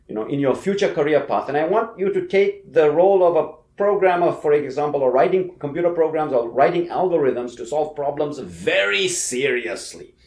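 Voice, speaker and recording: A man teaches a university class, talking through ideas casually and checking in with his listeners as he goes. His pitch rises and falls in a lively way. The sound echoes as if recorded in a large lecture room. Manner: conversational, frequent "okay" and "you know", emphatic.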